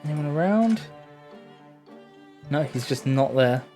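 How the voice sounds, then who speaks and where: A man's voice: a little high, lively intonation, slow, warm tone, soft background music. A man streaming a story game, chatting casually with sarcastic jokes and the odd swear. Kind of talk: casual let's-play chat.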